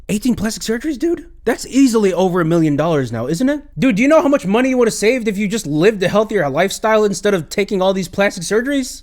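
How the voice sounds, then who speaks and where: Animated, teasing American man. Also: high-pitched, fast talker, hardly any pauses. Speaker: reaction video host. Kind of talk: mocking commentary.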